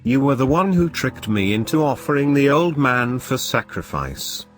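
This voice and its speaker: A man's voice: medium pitch, very animated, normal speed, faint music behind, close to an everyday voice. A man voicing a furious young man turning into a coyote, speaking in an angry, guttural growl.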